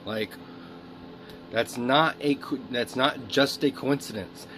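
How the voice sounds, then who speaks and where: A man's voice: mid-range voice, slow, fairly bright tone, slight background noise. A man speaking a rambling, emotional video diary monologue, swearing often. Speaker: video diarist.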